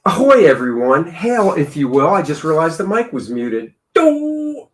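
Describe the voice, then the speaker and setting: Guy cohosting a movie review show, jokey and chatty, voice a bit on the high side. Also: sing-song, a little slow. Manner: chatty, joking. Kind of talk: casual chat.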